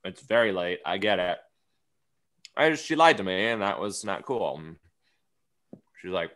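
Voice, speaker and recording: A man with a low, bright, forceful voice spins a comic anecdote on a podcast. He talks casually and slips into quick impressions of the people he met along the way. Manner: storytelling, acts out quoted lines. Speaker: guest comedian.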